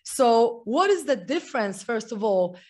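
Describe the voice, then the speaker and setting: An excitable woman hosts a casual interview, her voice sitting a little high. She rushes through her stories and laughs often between thoughts. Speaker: podcast host.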